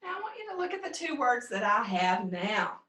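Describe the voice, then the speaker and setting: A woman teaching first grade phonics, prompting young pupils and slowly sounding out words in a sing-song way. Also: a little high, very animated, sharp tone. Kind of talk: remote phonics lesson for young children. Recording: echoey room, mic at a distance.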